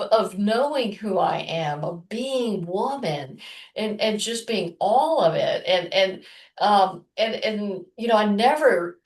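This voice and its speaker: A woman co-hosting a podcast, telling a personal story in a loose, rambling way with many restarts and soft murmurs. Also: medium pitch, reverberant, far from the mic. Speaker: podcast co-host. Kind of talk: casual chat, personal storytelling.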